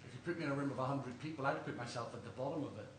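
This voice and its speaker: A man's voice: mid-range voice, rapid-fire. An Irish man preaching a sermon in a church, earnest and questioning, telling stories to the congregation. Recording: roomy church, distant mic, faint hum.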